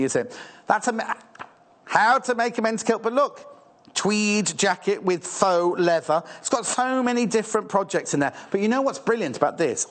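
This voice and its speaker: A British man presenting fabrics on a live TV shopping channel, rushed, gushing and a little out of breath. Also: high voice.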